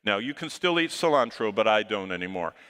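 A male pastor telling a story in a sermon, animated, swinging between loud bursts and hushed asides. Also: fairly low pitch, brisk. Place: church auditorium. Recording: long hall reverb.

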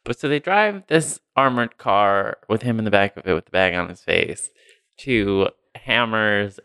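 A man's voice: lowish voice, pushed and bright, clear, resonant tone, no echo. A man co-hosting a podcast, casually recapping a movie with a sarcastic, rambling manner and frequent laughs. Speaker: podcast co-host.

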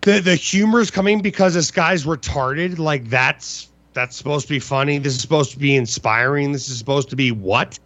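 A man in his thirties with a slightly high voice hosts a comedy podcast. He rambles, sounds exasperated and swears freely. The recording is dry and a bit muffled. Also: moderate pace, few pauses, a bit bright, no echo. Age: 30s. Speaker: podcast host. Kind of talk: casual comedic chat.

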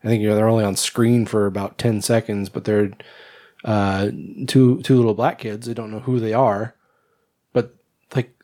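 Man, podcast co-host, casual film review, blunt, profane, halting restarts. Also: lowish voice, fairly even intonation, dark tone. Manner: blunt, swears freely, trails off and restarts. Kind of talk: casual movie review chat.

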